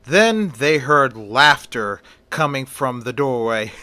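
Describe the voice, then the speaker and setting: A man's voice: medium pitch, sharp tone, no room sound. A man retelling a story in a loose, conversational way.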